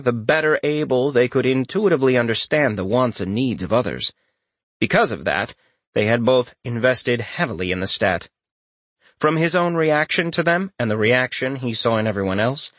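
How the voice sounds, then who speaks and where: A man narrating a fantasy novel in a steady, wry storytelling manner. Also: mid-range voice, dry recording. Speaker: audiobook narrator.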